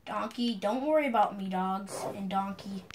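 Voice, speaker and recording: A woman streamer giving excitable gameplay commentary, yelling at the enemies on screen. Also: medium pitch, normal speed, a little hiss or hum.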